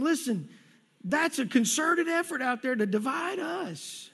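A man's voice: very high-pitched, animated, a little slow, gravelly, a bit bright. A male pastor giving a conversational sermon to his congregation, often repeating words as he goes. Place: church sanctuary.

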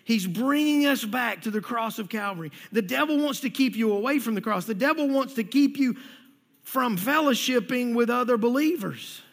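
A male pastor with a very high voice preaching a sermon, talking conversationally and often repeating words. He asks the congregation questions directly. The sound carries a long reverb from a large church hall. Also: expressive, moderate pace, vocal fry.

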